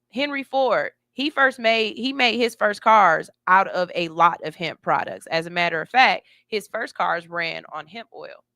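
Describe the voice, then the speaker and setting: A woman hosting a morning radio show, telling stories in an animated, candid and slangy way. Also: medium pitch, no echo, clean studio sound. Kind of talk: casual morning radio talk. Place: radio studio.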